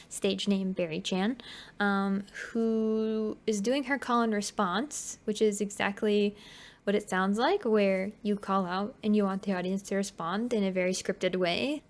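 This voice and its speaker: A woman hosting a commentary video, talking casually and bluntly, swearing and laughing as she explains. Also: mid-range voice.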